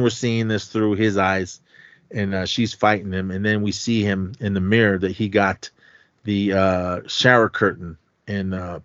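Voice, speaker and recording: A man's voice: lowish voice, dry recording. A man co-hosting a podcast, retelling a horror film's plot casually and acting out the characters' lines. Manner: retells scenes with quick acted-out quotes. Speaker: podcast co-host. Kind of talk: casual film recap. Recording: dull dry podcast audio.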